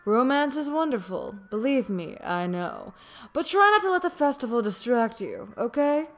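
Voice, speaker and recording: A woman reading as a brisk female schoolteacher. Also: on the high side, very animated, soft background music. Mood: lecturing. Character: stern female anime schoolteacher, playful. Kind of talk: reading a visual novel aloud.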